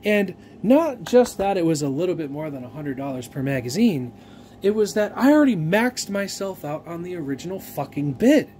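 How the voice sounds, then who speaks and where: A man's voice: on the high side, darkish tone, a little hiss or hum. A man giving a casual, profanity-laced vlog rant with rambling restarts and fillers, like someone telling a story about a frustrating purchase. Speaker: gun vlogger.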